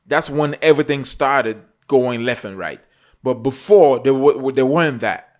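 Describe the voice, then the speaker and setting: A man from Africa hosts a reaction video, offering casual commentary in an emphatic, repetitive, preachy manner. His voice is medium-pitched and his pace measured.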